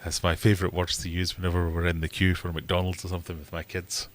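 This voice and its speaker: Low-voiced man rambling jokily. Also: completely flat delivery, fast. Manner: rambling and jokey, acting out other people's voices; self-mocking asides. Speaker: livestream host. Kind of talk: casual livestream chat.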